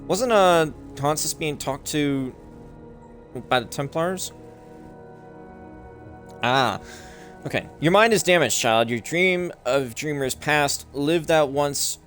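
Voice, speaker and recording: A man's voice: a little high, fairly bright tone. Man reading game text over music. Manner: reads slowly, stumbles and corrects himself, swears when confused. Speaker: gaming channel host.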